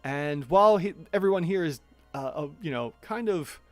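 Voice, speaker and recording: A man's voice: fairly high pitch, lively intonation, normal speed, faint music behind. A man narrating a tabletop monster battle as game master, chatty and thinking aloud as he checks the rules.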